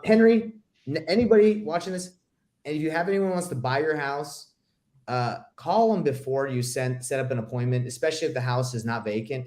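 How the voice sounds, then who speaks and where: A man's voice: mid-range voice, darkish tone. Blunt, emphatic man coaching on a call. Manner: blunt, emphatic, calls listeners bro. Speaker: real estate investing coach hosting a call. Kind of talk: casual coaching chat.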